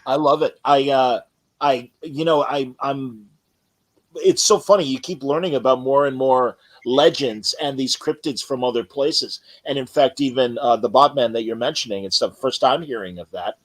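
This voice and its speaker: A man's voice: mid-range voice, moderate pace, low-quality recording. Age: unknown. Sex: man. Role: chatty interview host. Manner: enthusiastic, rambling. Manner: enthusiastic, rambling questions with many restarts. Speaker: podcast host. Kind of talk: casual interview chat.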